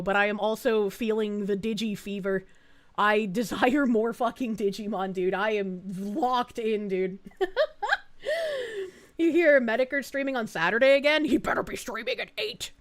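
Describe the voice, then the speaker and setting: Reading chat on a livestream, a woman with a Boston accent and a fairly high, slightly bright voice speaks at a moderate pace. She thanks viewers casually and profanely, laughing often.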